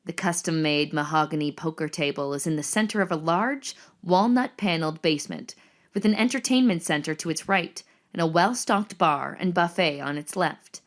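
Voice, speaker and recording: A woman narrating the action lines of a screenplay reading in a measured, descriptive way. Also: low-pitched.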